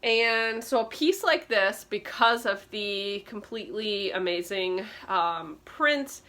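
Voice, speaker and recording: Bright-voiced woman explaining vintage clothes. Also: medium pitch. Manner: chatty, explanatory, frequent ums. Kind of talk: casual show-and-tell tutorial.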